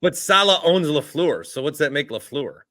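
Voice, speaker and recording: A man's voice: fairly high pitch, lively intonation, normal speed, sharp tone. A man co-hosting a casual sports podcast, chiming in with wry, joking remarks.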